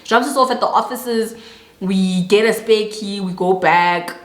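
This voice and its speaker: A woman's voice: medium pitch, a little slow. A young South African woman telling a storytime tale to her viewers, acting out voices and mixing in local words. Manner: animated storyteller, acts out quoted voices and mixes in local words. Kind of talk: storytime vlog. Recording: echoey room.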